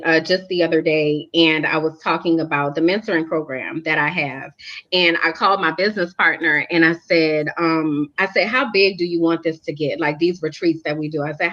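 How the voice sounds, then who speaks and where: A woman's voice: lowish voice, a bit bright. Earnest woman on lo-fi replayed audio. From New Orleans. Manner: earnest, confiding, addresses listeners as y'all. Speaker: host of a faith livestream. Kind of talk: heartfelt faith talk.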